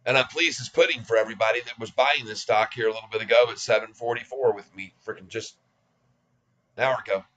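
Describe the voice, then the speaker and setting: A man's voice: mid-range voice, quick pace, pushed and bright, lo-fi sound. A man in his sixties giving casual stock market commentary in a folksy, cocky, self-mocking way. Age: 60s. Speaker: stock trading vlogger.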